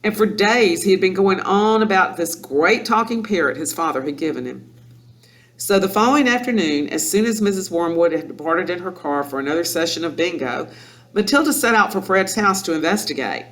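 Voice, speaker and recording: Male storybook narrator, lively, animated pitch, bright tense voice. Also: fairly quick. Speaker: audiobook reader.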